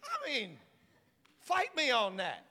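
A man preaching a sermon in a high, bright voice, with a long hall reverb trailing each line. He tells the story with jokes and swings from hushed asides to shouted climaxes. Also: huge pitch swings, slow pace. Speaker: pastor. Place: large church sanctuary.

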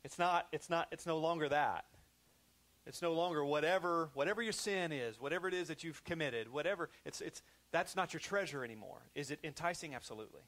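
Speaking a little high and a little fast, a male pastor gives a conversational sermon. He frequently repeats himself and shifts between loud emphasis and hushed, quiet sections.

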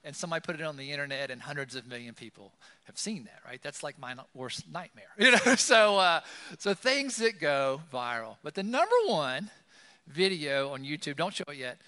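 A man's voice: a little high, expressive, fairly quick, fairly bright tone, long reverb tail. A man preaching a sermon in a conversational style, with many fillers, in a church. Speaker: pastor. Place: church sanctuary.

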